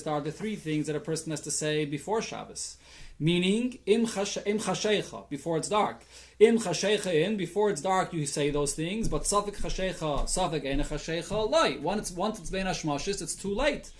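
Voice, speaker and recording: Man, high voice, rabbi, daily Talmud lesson, reads and translates line by line, Yiddish and Hebrew terms, thinking aloud. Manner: reads Aramaic text and explains it in English with Yiddish and Hebrew terms; thinks aloud, with restarts and fillers.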